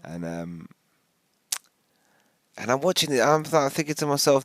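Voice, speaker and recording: A man rambling casually through a commentary video, animated and full of restarts. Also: mid-range voice, measured pace, pauses often, dry recording.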